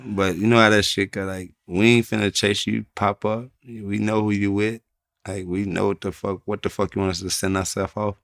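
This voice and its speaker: A rapper from Chicago talking bluntly and profanely in a casual interview, telling stories with laughs. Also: male voice, fairly low pitch, little pitch movement, normal speed, creaky, no echo, studio quality.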